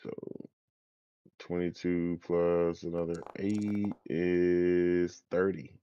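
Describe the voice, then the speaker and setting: A man's voice: sits low, little pitch movement, drawn-out words, dark tone, smooth, muffled recording. A man playing in a tabletop game, laid-back, counting dice aloud. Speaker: player. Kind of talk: casual game chat.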